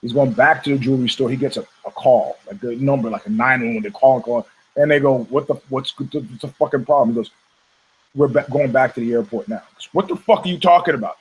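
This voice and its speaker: A man's voice: mid-range voice, fairly even intonation, fast, slightly rough, rough recording. An American man hosting a podcast, telling a long story in casual, profane style and acting out the people he quotes. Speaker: podcast host.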